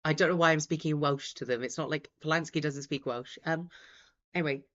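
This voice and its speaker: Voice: medium pitch, steady tone, a little fast, a bit bright. A host giving casual, rambling live commentary from home, with many fillers and restarts. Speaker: host of a live results stream. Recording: dull lo-fi sound.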